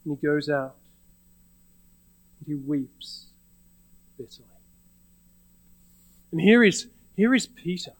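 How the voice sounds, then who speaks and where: High-voiced male preacher, dry sound. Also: no echo, poor audio. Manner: conversational storytelling with frequent restarts. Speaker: pastor. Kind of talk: sermon.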